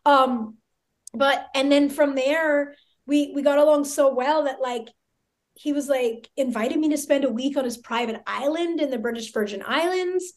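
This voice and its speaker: This voice belongs to a woman in her thirties who sits for an interview and tells a story at a high pitch. She talks casually and excitably, and her sentences keep circling back through filler words. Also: moderate pace. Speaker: podcast guest.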